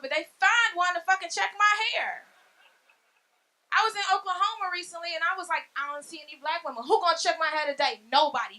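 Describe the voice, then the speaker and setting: A woman in her thirties doing a stand-up comedy set on a club stage, brash and profane with loud punchlines. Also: high-pitched. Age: 30s. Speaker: stand-up comic.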